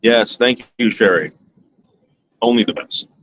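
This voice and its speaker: A man's voice: mid-range voice, measured pace, a bit bright, a little hiss or hum, rough recording. A man vlogging to his viewers from his backyard at night, rambling, boastful and crude in casual chat. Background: fan running.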